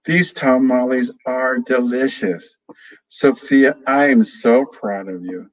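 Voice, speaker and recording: A man voicing a gentle, proud elderly grandmother who speaks slowly and tenderly. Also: mid-range voice, rough recording. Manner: slow, tender.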